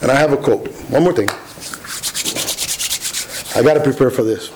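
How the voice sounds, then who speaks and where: A man's voice: mid-range voice, moderate pace, noisy background. A man preaching a sermon, earnest and emphatic, often restarting his words. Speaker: pastor.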